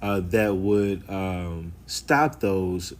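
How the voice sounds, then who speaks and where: A man's voice: sits low, lively intonation, extremely slow. A man reacting to a video clip in loose, sarcastic commentary, full of slang and asides.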